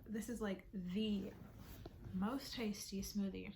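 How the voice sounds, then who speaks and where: A woman's voice: mid-range voice, steady tone, slow pace, gravelly, a little mellow. Young woman, playful home vlog chatter, phone mic, slight background hiss. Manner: chatty, playful, self-teasing, drops into whispers. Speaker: vlogger. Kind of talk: casual vlog chat.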